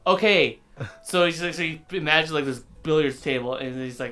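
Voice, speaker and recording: A man's voice: on the high side, brisk, pushed and bright. A man co-hosting a casual anime podcast, animatedly retelling scenes and acting out the characters' lines. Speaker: podcast co-host. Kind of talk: casual anime review chat.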